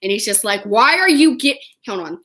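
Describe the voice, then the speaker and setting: A woman's voice: fairly high pitch, normal speed. A young woman casually telling a funny story, giggling and acting out what people said. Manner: animated, giggly, acts out quotes. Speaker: vlogger.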